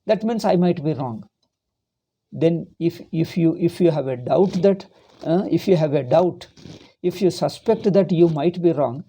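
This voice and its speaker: A man's voice: high voice, dark tone. A man, a monk teaching a philosophy class, arguing with rhetorical questions and repeating his points. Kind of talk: lecture.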